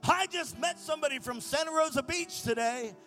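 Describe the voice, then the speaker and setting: A man's voice: extremely high pitch, expressive, normal speed, a bit bright, faint music behind, pitched above the performer's own voice. A man voicing an old, leathery, near-toothless male caretaker, eager and boastful.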